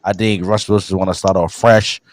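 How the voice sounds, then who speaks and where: Laid-back low-voiced sports podcaster. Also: male voice, steady tone, fairly quick, dry recording. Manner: laid-back, rambling with fillers and repeats. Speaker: podcast co-host. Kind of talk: casual sports banter.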